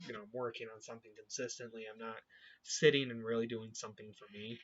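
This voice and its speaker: A man leading a youth group, talking earnestly about his faith and often pausing to search for words. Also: mid-range voice, level tone, fairly bright tone. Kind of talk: personal faith reflection to camera. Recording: dull lo-fi recording.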